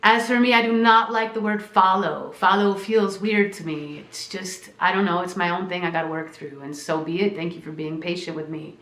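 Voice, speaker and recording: A woman's voice: lowish voice, fairly even intonation, normal speed, hardly any pauses, a bit bright, roomy sound. A woman hosting a spiritual podcast, speaking with emotion and a shaking voice, repeating phrases like a preacher. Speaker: podcast host and spiritual teacher. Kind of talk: heartfelt podcast monologue.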